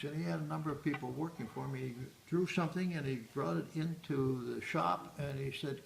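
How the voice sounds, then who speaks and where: Gravelly-voiced man guiding a museum tour. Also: on the high side, brisk, few pauses, a bit bright. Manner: rambling, with many hesitations and restarts. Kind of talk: guided tour explanation. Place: museum exhibit room. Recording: echoey room, faint background noise.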